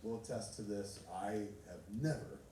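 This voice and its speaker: A man's voice: fairly low pitch, moderate pace, warm tone. A middle-aged man telling loose, profane stories to a live audience, laughing as he goes. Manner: loose, rambling, swears constantly, laughs often. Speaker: filmmaker speaking on stage. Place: large theater. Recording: echoey hall from far off with noise.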